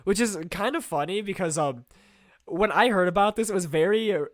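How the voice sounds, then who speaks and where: A man's voice: sits high, fairly quick, no room sound, studio quality. A man co-hosting a podcast, chatting casually and animatedly with lots of filler words. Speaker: podcast co-host. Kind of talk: casual current-events chat.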